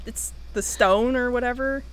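A young American woman in casual chat, talking quickly and laughing at herself as she answers trivia. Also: on the high side, steady tone. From United States. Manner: chatty and self-deprecating, quick to laugh.

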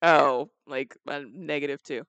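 A woman co-hosting a podcast in casual chat, relaxed, hedging her words with fillers. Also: sits low, a little slow, clean tone, no echo, highs cut off. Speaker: podcast co-host.

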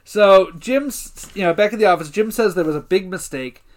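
A man's voice: high-pitched, moderate pace, heavy background noise. Man animatedly recapping a TV episode. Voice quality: lively storyteller, acts out quotes, swears casually. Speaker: podcast co-host. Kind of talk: casual recap chat.

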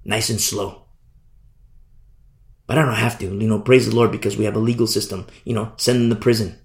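A man's voice: on the low side, steady tone, brisk. A man preaching a passionate sermon as a pastor, sometimes acting out the voices of the people he describes. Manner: impassioned, mimics people in quotes.

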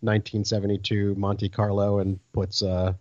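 A man's voice: on the low side, completely flat delivery, moderate pace, a little mellow, no room sound. Wry man on a dull, lo-fi mic. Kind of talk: casual chat. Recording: dull, lo-fi, dry.

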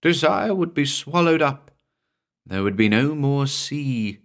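A man voicing a troubled, brooding man confined to an asylum, speaking in a slow, gentle, strained way. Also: mid-range voice, lively intonation, pitched above the performer's own voice.

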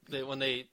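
A man's voice: mid-range voice, sharp tone, slight background noise. A man who guests on a casual podcast chat, joking and laughing often.

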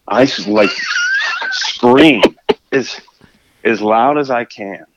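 A man telling a fishing story in a casual, animated way, often restarting his sentences. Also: mid-range voice, slow, muffled recording, very noisy. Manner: animated, acts out his own shouts and scrambles with restarts.

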